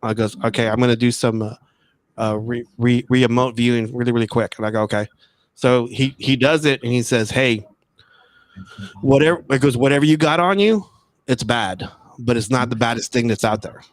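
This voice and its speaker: A guest who grew up in Texas spins a casual story on a remote call, his medium-pitched voice at normal speed in a dry recording. His telling wanders, with repeated words and sentences he starts over.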